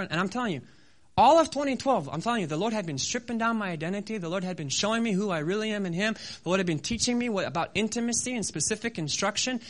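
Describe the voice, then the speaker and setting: Animated, bright-voiced male preacher. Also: high voice, quick pace. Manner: animated, acts out sounds and voices, self-deprecating humor. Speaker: missionary preacher. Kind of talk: sermon with storytelling.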